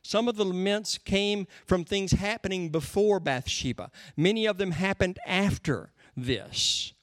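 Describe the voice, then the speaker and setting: A man's voice: high-pitched, a bit bright, dry recording, clean studio sound. Earnest man preaching a sermon. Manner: earnest, conversational teaching with slow emphasis. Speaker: pastor.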